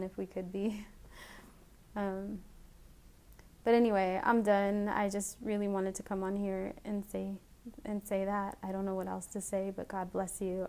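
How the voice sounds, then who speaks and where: A woman recording a heartfelt personal video message, speaking in an emotional, halting way with many restarts, and she has children. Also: mid-range voice, dark tone. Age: adult with children. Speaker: vlogger.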